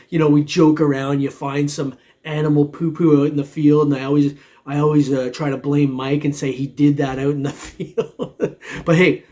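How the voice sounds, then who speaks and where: Hosting his metal detecting vlog, this man speaks in a fairly high, slightly mellow voice. His chat with viewers is casual and rambling, full of chuckles, and he addresses everyone as "man."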